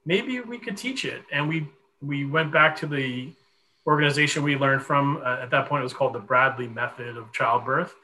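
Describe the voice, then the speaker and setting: Man, forties, podcast guest, animated storyteller, bright voice, faint background noise. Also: mid-range voice, normal speed, poor audio. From Connecticut. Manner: animated, chatty storyteller with many fillers.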